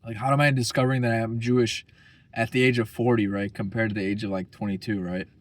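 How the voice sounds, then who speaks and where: A man's voice: medium pitch, level tone, fast. A young man talking casually as a vlogger, rambling and profane, full of slang. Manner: slangy, profane, rambling, keeps saying bro.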